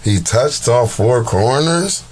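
A man's voice: mid-range voice, expressive, slow. A man giving casual, profane commentary on battle rap videos, exasperated and heavy on slang.

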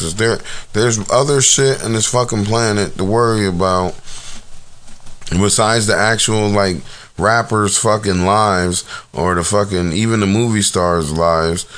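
A man talking casually into the camera in a loose, rambling monologue, swearing often and dropping fillers like "you know what I'm saying.". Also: fairly low pitch. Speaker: vlogger commenting on news and videos.

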